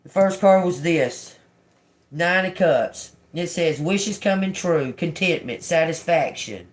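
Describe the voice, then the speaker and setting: An older woman giving a live-stream tarot reading in a slow, profane, confrontational manner. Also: lowish voice, lively intonation. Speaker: tarot reader.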